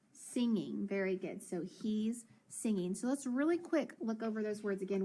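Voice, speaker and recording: A woman leads a phonics lesson for children, sounding out letters and words slowly and clearly. Her mid-range voice is expressive and mellow.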